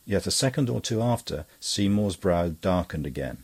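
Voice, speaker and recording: A man narrating an audiobook with a measured, even reading style. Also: low voice, breathy edge. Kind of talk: scripted narration.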